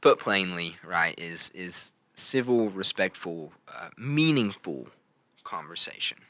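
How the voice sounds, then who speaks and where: A man's voice: low voice, expressive, takes it slowly, pushed and bright. A young man hosting a casual podcast chat, telling stories playfully and tagging his lines with "right?". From from Logan. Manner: playful storyteller, full of "right?" tags. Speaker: podcast host.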